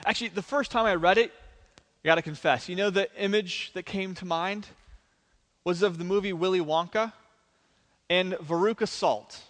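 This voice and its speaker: A male pastor preaching a sermon, retelling a story with lively, animated storytelling. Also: high voice, moderate pace, long pauses, long reverb tail. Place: church sanctuary.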